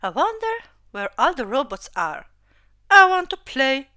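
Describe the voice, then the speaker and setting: A woman voicing a gentle, hopeful young female dragon robot in a read-aloud story, speaking softly and earnestly. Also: high voice, wildly swooping pitch, a little slow, no echo, studio quality, exaggerated voice. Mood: eager. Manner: soft-spoken, earnest. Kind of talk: storybook reading.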